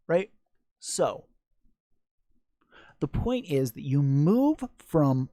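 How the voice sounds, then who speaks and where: A man's voice: a little high, big pitch swings, drawn-out words, pauses often, mellow, dry recording, studio quality. A man hosting a casual live-stream Q&A on sex education, blunt and joking crudely.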